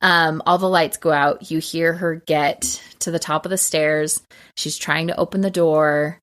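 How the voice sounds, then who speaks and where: A woman co-hosting a podcast, retelling a film scene by scene in a casual, animated way and acting out the quotes. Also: sits low, measured pace, clean tone. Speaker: podcast co-host.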